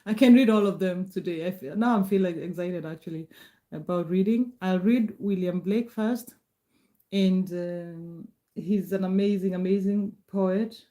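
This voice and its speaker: A middle-aged woman hosting a live stream, chatting haltingly between poems and then reading them aloud. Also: on the low side, mellow. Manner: halting, hesitant, many fillers and restarts between poems. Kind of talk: casual live-stream chat and poetry reading.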